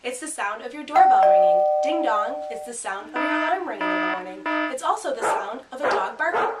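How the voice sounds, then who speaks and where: A woman teacher giving a grammar lesson and reading a picture book aloud, speaking clearly and punching out the sound words. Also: high-pitched, expressive, a little fast, over loud music. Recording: roomy sound from a distant mic.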